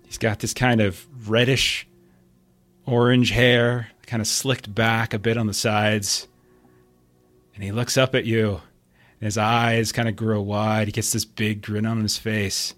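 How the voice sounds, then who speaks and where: A man narrating a tabletop game as game master in a relaxed, descriptive way, full of casual fillers. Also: on the low side, unhurried, no room sound, soft background music.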